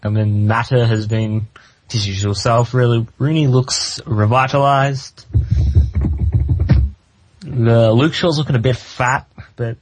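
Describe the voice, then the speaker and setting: A man, a guest on a casual football podcast, giving loose, halting answers with many fillers. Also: medium pitch, steady tone, poor audio.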